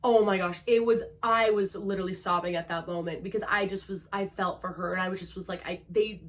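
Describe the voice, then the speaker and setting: A book-vlog host reviews books in an emotional, over-the-top way, dropping "like" again and again. She's a fast talker with a mid-range voice and steady tone.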